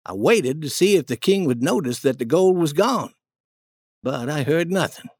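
Lively-voiced male storybook narrator. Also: fairly high pitch, dry recording.

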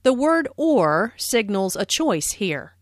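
Slow, lively-voiced woman teaching English. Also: medium pitch, no room sound, studio quality. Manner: slow, careful, clearly enunciated explanations. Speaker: language teacher. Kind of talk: scripted lesson narration.

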